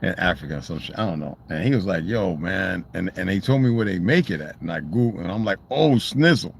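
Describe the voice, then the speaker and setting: A man's voice: low voice, animated, quick pace, creaky, slight background noise. A man talking in a loose, rambling monologue, swearing freely and restarting his sentences. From United States. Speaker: channel host.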